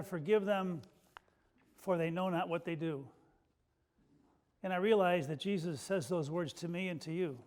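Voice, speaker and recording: Folksy high-voiced male pastor preaching. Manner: folksy, self-deprecating storytelling; drops soft and slow for emotional moments. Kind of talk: sermon.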